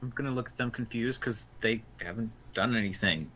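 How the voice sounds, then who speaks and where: A man's voice: medium pitch, a little fast, pushed and bright, poor audio. A man playing a tabletop game, asking curious questions. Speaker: player. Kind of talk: in-character tabletop play.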